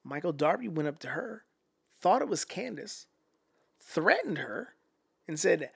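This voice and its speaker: Male podcast guest, gravelly and a bit high, casual and profane storyteller. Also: a little slow. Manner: animated, profane, acts out quotes.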